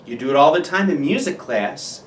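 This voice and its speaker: A woman's voice: deep voice, expressive, moderate pace, slight background noise. A woman teaching children a music lesson, patient and guiding them to repeat after her. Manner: patient, demonstrates each voice type. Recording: roomy room from a distance.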